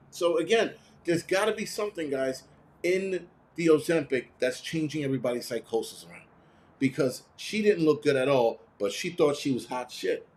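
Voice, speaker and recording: A man hosting a live stream, chatting casually and reading viewer comments, ranting bluntly with lots of swearing and quick imitations of other people. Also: fairly high pitch, lively intonation, darkish tone, a little hiss or hum. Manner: mimics others in quoted voices.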